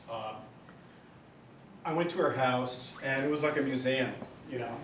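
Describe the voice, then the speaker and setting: Man at a memorial, emotional storyteller, middle pitch, roomy and distant. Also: a little slow, long pauses, noisy background. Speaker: memorial speaker. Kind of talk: personal memorial speech. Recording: roomy hall, far from mic.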